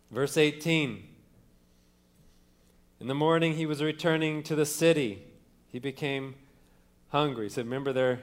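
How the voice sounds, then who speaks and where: Male pastor, slightly high voice, casual sermon delivery with restarts. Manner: conversational teaching with fillers and restarts; opens with a quiet prayer.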